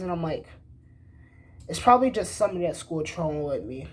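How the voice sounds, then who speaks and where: In a high voice at normal speed, a young man relates a story in a relaxed way. He curses heavily and plays both parties in the conversation, making it a lively, foul-mouthed retelling with quoted dialogue.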